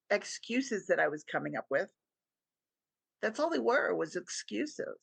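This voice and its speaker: A woman's voice: mid-range voice, creaky, slightly rough, no room sound. A middle-aged woman, a podcast guest, telling a personal story with earnest feeling and acting out what people said. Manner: earnest storytelling, acts out quoted dialogue.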